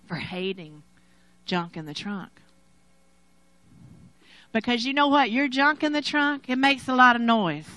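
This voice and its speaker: A middle-aged woman preaching a sermon, telling a personal story dramatically, swinging from loud to hushed and laughing between lines. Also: medium pitch, rough recording.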